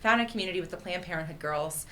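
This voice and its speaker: A woman speaking as a guest in a casual interview, telling stories in a candid, animated way with frank profanity. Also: fairly low pitch, very fast, slight background noise. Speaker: county party chair, guest.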